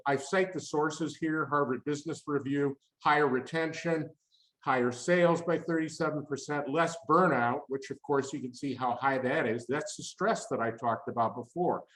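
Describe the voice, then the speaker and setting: Guy doing a webinar talk, punchy and emphatic, lots of rhetorical questions, roomy echo. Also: mid-range voice. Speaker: webinar speaker on employee engagement. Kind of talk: webinar presentation.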